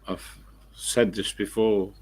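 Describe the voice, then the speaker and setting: Rambling low-voiced East Midlands man. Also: little pitch movement, takes it slowly, darkish tone. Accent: East Midlands English. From England. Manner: rambling, chatty anecdotes. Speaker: live streamer. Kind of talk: casual live-stream chat answering viewers. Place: home, at his computer. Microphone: desk microphone he leans away from.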